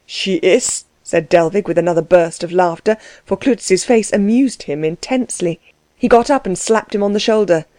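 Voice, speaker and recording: A woman narrating a novel in a steady, measured reading. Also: medium pitch, no room sound. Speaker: audiobook narrator. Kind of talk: scripted narration.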